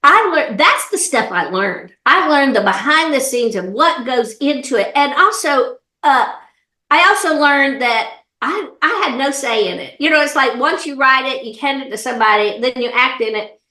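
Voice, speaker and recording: A middle-aged woman with a Southern US accent, an animated, folksy comedian chatting in an interview. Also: high voice, normal speed, reverberant. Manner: animated storyteller, laughs often, folksy. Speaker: comedian and actor, interview guest. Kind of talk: casual interview chat.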